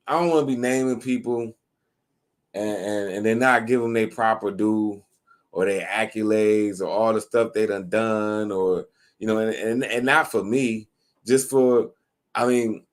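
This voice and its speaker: Halting low-voiced man hosting a live stream. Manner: halting, many restarts and fillers, reads out viewer comments. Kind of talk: casual live stream chat.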